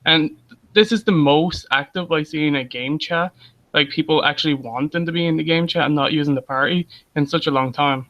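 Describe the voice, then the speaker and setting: A man with a higher, bright voice chats about games, laughing through his stories. His sound comes through a dull, lo-fi call line. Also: fairly quick. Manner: chatty, laughs while telling stories. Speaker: guest gamer. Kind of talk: casual gaming chat.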